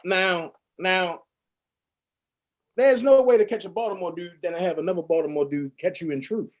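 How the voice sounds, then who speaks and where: A man hosts a casual talk show in a very high voice. He speaks bluntly and heatedly, with plenty of swearing. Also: normal speed. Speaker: host. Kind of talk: casual chat.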